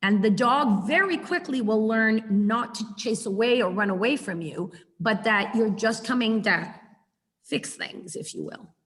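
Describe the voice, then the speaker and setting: A woman's voice: fairly high pitch, animated, measured pace, few pauses, fairly bright tone, long reverb tail. A woman dog trainer teaching a webinar over a video call, practical and demonstrating the tones she uses.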